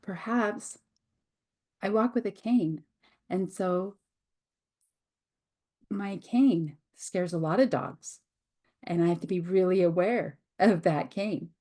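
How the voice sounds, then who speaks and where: Woman host, middle-aged, unhurried reflective teacher, warm low-key tone. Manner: slow, reflective, with pauses and restarts. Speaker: host and hypnotherapist. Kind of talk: teaching talk.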